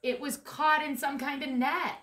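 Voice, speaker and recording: A woman reading a picture book aloud to children, lively and animated, stopping to ask the young listeners questions. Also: high-pitched, unhurried. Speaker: storyteller. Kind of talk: children's story read-aloud. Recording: echoey room.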